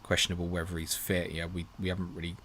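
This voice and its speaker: A chatty man hosts a live question-and-answer stream, reading viewer messages aloud and replying in a loose, friendly way. His voice sits a little low, and he keeps calling people "mate". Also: monotone, fast talker, a bit bright, a little hiss or hum. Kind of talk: casual live Q&A.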